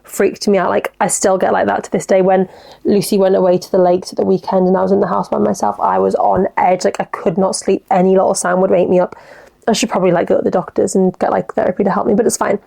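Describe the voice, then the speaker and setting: A young woman hosting a casual solo podcast, reading listener messages and reacting with quick chatty asides. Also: mid-range voice, level tone, creaky, mellow. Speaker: podcast host.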